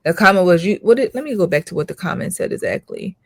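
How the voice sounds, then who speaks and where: Emphatic woman host, low voice. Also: animated, quick pace, no room sound, clean studio sound. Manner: emphatic, rhetorical questions, repeats herself. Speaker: channel host, school counselor. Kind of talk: casual commentary monologue.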